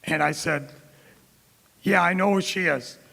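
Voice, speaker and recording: A middle-aged keynote speaker from Tampa, Florida tells anecdotes in a reverberant hall, acting out the dialogue of the people in them. His high-pitched voice is creaky, bright, and forceful, with a measured pace.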